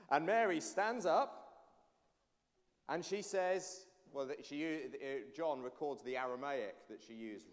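A man, a pastor, giving an animated all-age sermon and addressing the children directly. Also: on the high side. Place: church. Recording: long church reverb.

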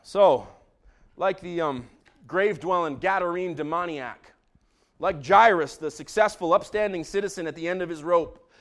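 A man preaching a sermon as pastor in a church, swinging from hushed tones to shouting. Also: high-pitched, moderate pace. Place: church sanctuary.

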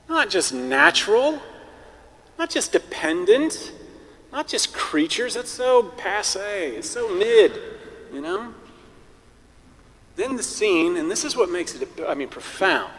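High-voiced priest preaching in a reverberant hall. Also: male voice, slow, long pauses. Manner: conversational, animated, with wry humorous asides. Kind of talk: sermon.

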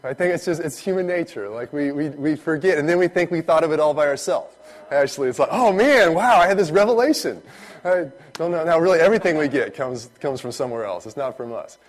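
A man, a pastor, giving a relaxed, conversational sermon that turns animated when he retells stories. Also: fairly high pitch, fast.

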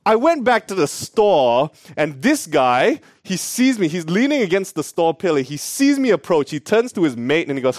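A young man with an Australian accent preaching a sermon, telling stories in an animated way. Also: a little high, a little fast, few pauses, no room sound, studio quality. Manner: animated storyteller. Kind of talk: story-driven sermon. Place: church.

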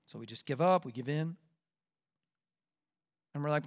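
A pastor delivers a sermon in a fairly high voice for a man. He keeps asking his listeners questions and leans hard into his key points with mounting force. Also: moderate pace. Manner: rhetorical questions, rising to forceful emphasis.

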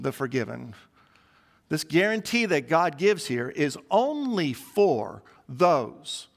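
A male pastor delivering a sermon in a high-pitched voice. He stacks phrase upon phrase in a steady, emphatic cadence. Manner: emphatic, repetitive listing cadence.

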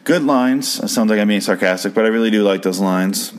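A man's voice: on the low side, a little fast, slight background noise. A man casually recapping a show's episode, profane and incredulous, prone to rambling rants.

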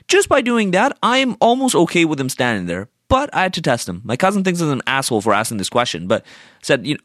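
A man's voice: mid-range voice, sing-song, fairly quick, fairly bright tone, no room sound, studio quality. A young man telling a story in a casual rant, exasperated, swearing and sarcastic.

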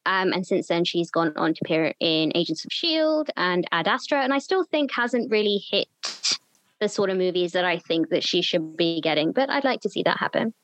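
A woman co-hosting a casual chat about films, relaxed and often filling pauses with um. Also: medium pitch, dry recording, poor audio. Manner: relaxed, lots of fillers. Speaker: podcast co-host.

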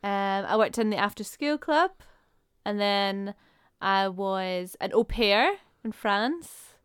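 Smooth-voiced woman chatting casually. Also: mid-range voice, expressive, slow pace, no room sound, studio quality. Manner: chatty, listing with fillers. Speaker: podcast co-host. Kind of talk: casual chat.

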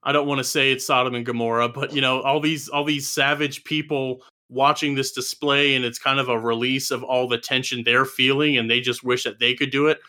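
A man with a bright, forceful tone chats casually on a podcast, reviewing a film from his notes. His humor is dry and sardonic, and he delivers gloomy jokes in an easy conversational way. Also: medium pitch, steady tone, brisk, hardly any pauses. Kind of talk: casual chat.

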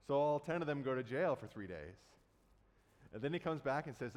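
A man's voice: medium pitch, animated, moderate pace, darkish tone. A man preaching a sermon, retelling a Bible story in a conversational way and casually acting out the quotes. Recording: long hall reverb.

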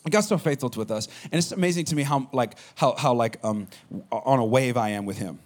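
A man giving a sermon, telling a personal story in a casual, animated way that drops low at the quiet moments. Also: fairly quick. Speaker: pastor.

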